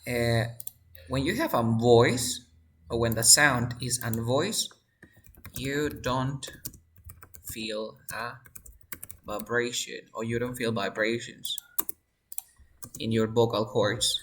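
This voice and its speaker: Male teacher, unhurried, drills sounds over and over. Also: mid-range voice, fairly bright tone. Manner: slow, repeats sounds and words, asks the class questions. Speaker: English teacher. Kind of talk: pronunciation lesson.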